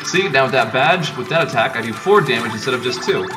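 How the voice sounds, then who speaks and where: A man's voice: medium pitch, expressive, quick pace. A man casually commenting as he plays a video game, offhand and joking. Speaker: let's player. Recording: distant mic with loud game music.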